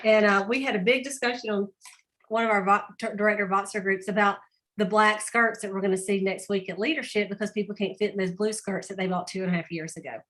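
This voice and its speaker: A woman's voice: mid-range voice, steady tone, fast talker, a bit bright. A woman, leading an online team training over a video call in an upbeat, chatty, encouraging way. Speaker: sales director leading a team meeting.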